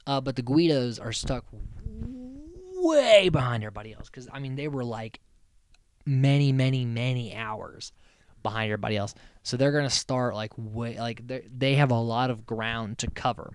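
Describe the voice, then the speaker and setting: Recapping a reality show for his podcast, this man tells the story in a loose, rambling, profane way. He sounds animated at a normal speed with a medium pitch. There's no echo, and the studio sound is clean.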